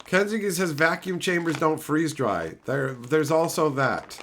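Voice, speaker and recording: A middle-aged man ranting sarcastically at his live chat in casual, profane talk, breaking into loud mocking outbursts. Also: on the high side, takes it slowly, a little hiss or hum. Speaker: streamer reading live chat.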